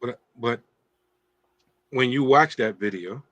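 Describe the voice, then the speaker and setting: A man hosting a casual talk show, telling teasing stories in an animated way. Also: medium pitch, slow, dry recording. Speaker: show host.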